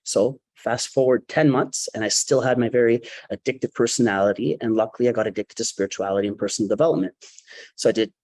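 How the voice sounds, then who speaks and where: A man's voice: medium pitch, fast, a little mellow. A man tells a personal story on stage, dramatic and vivid, throwing himself into every quote. His voice sits in an ordinary middle range. The sound is close and dry, with no room echo. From Canada.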